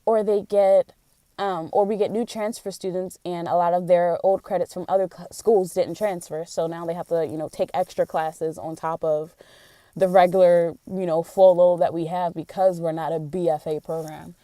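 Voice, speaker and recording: A young woman speaks in a casual vlog, venting her frustrations openly and earnestly. Her voice is mellow and warm, and the recording sounds dry and close. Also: fairly low pitch, steady tone, moderate pace, dry recording. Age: young adult. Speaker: college theater student.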